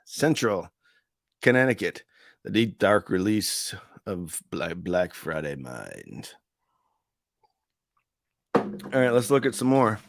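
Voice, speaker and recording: A man's voice: sits low, very animated, slow pace, vocal fry, pauses often, dry recording. A middle-aged man hosting a casual live stream, chatting in a rambling way and reading viewer comments aloud. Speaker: livestream host reviewing audio deals.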